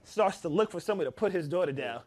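A man in a casual chat telling an excited anecdote about a run-in. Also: high-pitched, racing.

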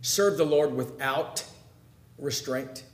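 A man preaching a sermon, putting direct questions to his listeners and swinging between loud emphasis and hushed, quiet lines. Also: medium pitch, slow pace, echoey room.

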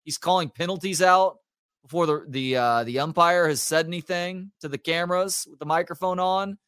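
A man's voice: a little high, moderate pace, clean tone, no echo, clean studio sound. A man, co-hosting a casual sports talk show and animatedly retelling stories about his kids. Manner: storytelling, animated retelling of family anecdotes. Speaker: podcast co-host.

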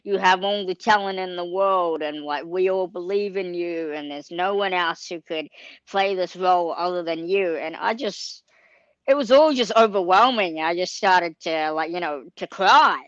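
A woman's voice: fairly low pitch, fairly bright tone, smooth, no room sound. Earnest young woman, fillers galore. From Australia. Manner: earnest, heavy on fillers like um, like and you know. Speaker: actor being interviewed. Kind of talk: casual anecdote telling. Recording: slightly dull lo-fi sound.

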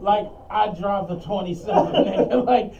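A man's voice: high voice, normal speed, warm tone. Philly man, podcast co-host, easygoing, a bit profane, far-off lo-fi recording. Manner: laid-back, profane, laughing storyteller. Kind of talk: casual storytelling chat. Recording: distant, dull lo-fi mic.

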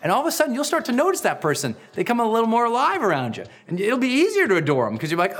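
A middle-aged man hosting a personal growth podcast, giving an energetic, emphatic motivational talk. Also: very fast, hardly any pauses, husky. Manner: energetic, emphatic, acts out quoted lines with big pitch swings.

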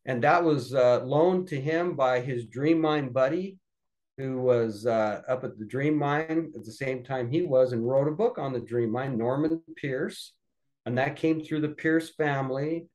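Man telling animated family stories. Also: medium pitch, a little slow, low-quality recording. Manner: animated anecdotes that act out other people's voices. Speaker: podcast guest. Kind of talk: casual storytelling.

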